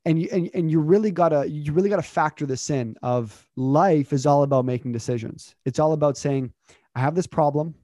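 A man with a slightly raised, mellow voice leads a motivational talk as a communication coach. He speaks with energy, repeats himself and stacks question after question. The sound is dry and close. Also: on the high side, a little fast, no echo. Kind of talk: motivational interview chat.

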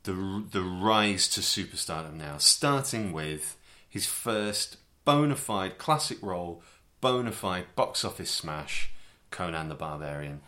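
Low-voiced teasing male podcast co-host. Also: sing-song, unhurried, few pauses, sharp tone. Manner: teasing, dry, stumbling restarts. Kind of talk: casual chat.

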